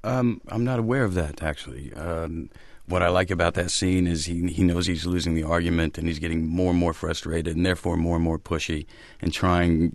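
A man with a very low voice answers interview questions as an actor guest, thoughtful and hesitant with frequent ums. The sound is dry and close. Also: no room sound. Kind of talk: interview talk.

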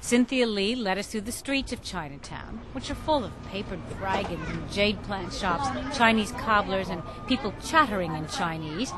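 A woman radio news reporter narrating a feature story in a lively, amused tone. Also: mid-range voice, moderate pace, few pauses, very noisy.

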